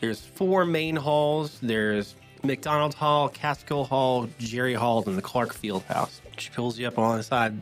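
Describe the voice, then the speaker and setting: A man's voice: medium pitch, a little slow, hardly any pauses, faint music behind. A man narrating as game master of a tabletop game, rambling with lots of fillers.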